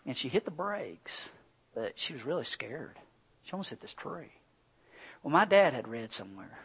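A middle-aged man preaching a sermon and telling personal stories, swinging from loud, animated bursts to quiet, earnest passages. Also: mid-range voice, normal speed, creaky, breathy edge, rough recording. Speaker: pastor.

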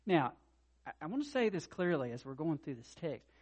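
A middle-aged man preaching a sermon as pastor, earnest, dropping soft and low then rising to loud impassioned peaks. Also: sing-song, a little fast, breathy edge. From North Carolina.

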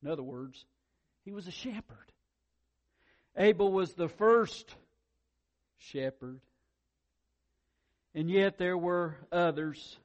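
A pastor preaching a sermon, animated, swinging from loud emphasis to quiet asides and doubling his words when excited. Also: sits high, slow pace, long pauses.

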